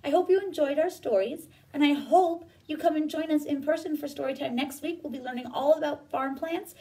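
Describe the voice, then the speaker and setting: High, sing-song story time woman. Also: a little fast, recorded from a distance, low-quality recording. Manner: gentle, expressive, sing-song. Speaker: children's librarian. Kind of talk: children's story time reading.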